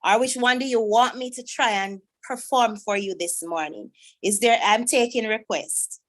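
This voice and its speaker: A woman's voice: fairly high pitch, moderate pace, a bit bright. A woman, a teacher chatting to pupils in a self-deprecating way while she searches for a poem. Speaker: teacher hosting a school event. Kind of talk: casual talk to pupils online.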